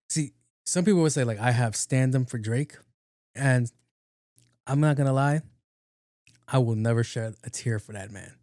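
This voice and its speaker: A man's voice: medium pitch, warm tone, dry recording, clean studio sound. A man hosting a solo podcast, telling stories casually in slangy talk full of swearing and acted-out quotes. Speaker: podcast host.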